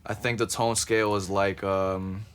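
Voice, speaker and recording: A man's voice: on the low side, level tone, unhurried, clear, resonant tone. A man co-hosting a podcast in casual chat, cursing freely and reading quotes aloud with a laid-back, amused delivery. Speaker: podcast co-host.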